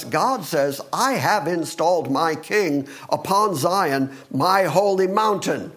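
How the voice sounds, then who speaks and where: A male pastor preaching a sermon, talking fast and reading scripture with emphasis. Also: on the high side.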